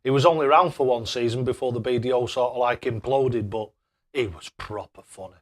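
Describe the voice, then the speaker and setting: A man's voice: mid-range voice, fairly quick. A man hosting a casual live stream, chatting away and thanking viewers by name with matey banter. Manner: matey banter, calls people mate.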